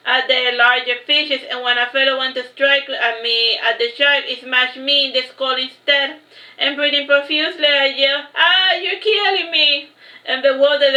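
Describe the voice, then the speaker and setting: A woman reads her own first-person tale aloud, her voice high and bright. She keeps an even, flat read-aloud delivery and stumbles over a word now and then. The sound is roomy with echo and a little dull and lo-fi. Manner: steady read-aloud delivery with occasional slips. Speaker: author reading her own book. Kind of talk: first-person storybook narration. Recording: echoey room, slightly dull lo-fi sound.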